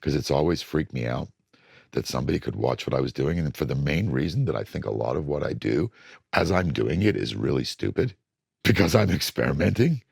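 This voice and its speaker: A middle-aged record producer being interviewed, telling blunt studio stories and acting out moments from sessions. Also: male voice, a bass voice, a little fast, creaky, husky, no echo. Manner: animated, blunt storytelling that acts out studio moments.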